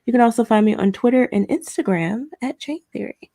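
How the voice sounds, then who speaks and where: A woman introducing herself as a podcast panelist and YouTube reviewer, smooth and composed. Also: fairly high pitch, brisk, warm tone. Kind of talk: casual live-stream chat.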